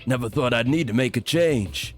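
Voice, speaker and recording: A man's voice: mid-range voice, lively intonation, normal speed, faint music behind, lightly acted. A man voicing a young surfer-bro type who resolves to work hard, in a wobbly put-on American accent. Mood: regretful. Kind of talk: reading game dialogue aloud.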